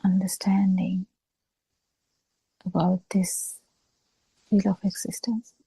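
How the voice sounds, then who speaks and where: Slow, gravelly woman teaching. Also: medium pitch, flat delivery, mellow, no echo, rough recording. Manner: slow, halting, many pauses and fillers. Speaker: Buddhist teacher. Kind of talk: dharma talk over a video call. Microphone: video call.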